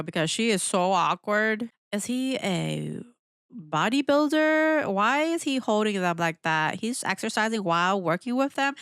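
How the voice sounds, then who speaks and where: A woman hosting a reaction video in casual commentary, animated and exclamatory, laughing often and asking lots of questions. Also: mid-range voice, clean tone, dry recording, studio quality. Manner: asks rhetorical questions.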